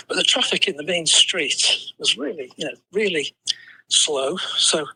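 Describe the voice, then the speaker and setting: Bright, husky English man in his sixties. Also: a little high, normal speed, poor audio. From England. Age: 60s. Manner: animated anecdotal telling with self-deprecating laughs and frequent "you know". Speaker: podcast guest. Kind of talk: storytelling in conversation.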